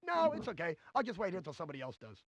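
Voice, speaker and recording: A man's voice: high-pitched, wildly swooping pitch, very fast, crowd noise, exaggerated voice. An actor playing a cheesy, brash stand-up comedian man in a 1990s CD-ROM comedy game, hamming up corny jokes. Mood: joke-telling. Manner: brash, hammy joke delivery. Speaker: game's recorded comedian.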